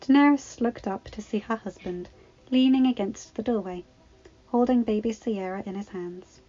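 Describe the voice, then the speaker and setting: A woman reading fan fiction aloud in a calm, even storytelling voice. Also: medium pitch, moderate pace, lo-fi sound. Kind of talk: storybook narration.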